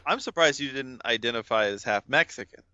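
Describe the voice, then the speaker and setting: A man with a bright, sharp voice that swings widely in pitch keeps interrupting to ask disbelieving questions. The sound is dry and close to the mic. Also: expressive, brisk, smooth, no room sound, muffled recording. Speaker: podcast co-host. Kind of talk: casual chat.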